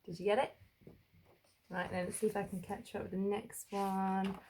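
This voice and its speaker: A woman teaching young children to spell, sounding out each letter slowly and carefully. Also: medium pitch, flat delivery, warm tone, a little hiss or hum. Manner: slow, drawn-out sounding out of letters. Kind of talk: phonics lesson for young children.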